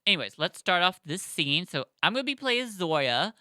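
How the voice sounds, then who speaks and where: Excitable rambling male podcast host. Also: sits high, moderate pace, smooth, no echo, studio quality. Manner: excitable, rambling, full of fillers. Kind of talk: casual podcast chat.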